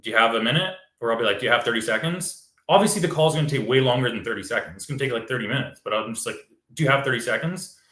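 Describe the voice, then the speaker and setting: Bright-voiced man explaining sales calls. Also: mid-range voice, racing, few pauses, echoey room. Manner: explains step by step, acts out phone calls. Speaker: real estate wholesaler giving advice. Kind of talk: casual instructional chat.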